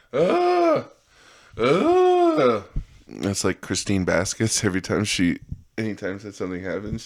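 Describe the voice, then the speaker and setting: A man's voice: deep voice, no room sound, studio quality. A man hosting a podcast, telling rambling, profane stories about his old jobs in a casual monologue and acting out the people in them. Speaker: podcast host.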